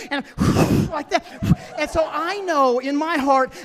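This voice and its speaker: A male comedian performs a story on stage. His voice sits very high for a man. He tells it in an excitable, animated way. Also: measured pace, in a large hall. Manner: excitable, animated, with bursts of laughter. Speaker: stand-up comedian. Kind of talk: stand-up storytelling.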